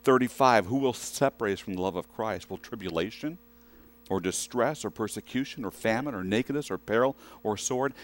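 A man's voice: lowish voice, fairly quick, faint music behind. A man preaching a sermon in a conversational way, often asking the congregation questions. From western United States.

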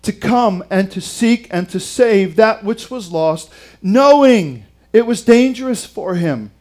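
A man preaches in a high voice at an unhurried pace. He reads scripture aloud and retells it dramatically, his delivery swinging from quiet to loud for emphasis. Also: lively intonation. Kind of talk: sermon.

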